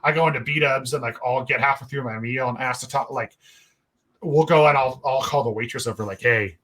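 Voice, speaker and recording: A young adult man tells a story on his podcast, rambling along casually with plenty of swearing. His voice sits at an ordinary middle pitch, and the whole thing feels relaxed and conversational. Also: brisk. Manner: rambling, profane, laid-back. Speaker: podcast host.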